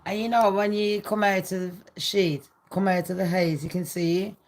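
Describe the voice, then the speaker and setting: A woman's voice: medium pitch, steady tone, moderate pace, darkish tone, a little hiss or hum. A woman vlogging gossip in a ranting, sarcastic monologue full of swearing and scorn.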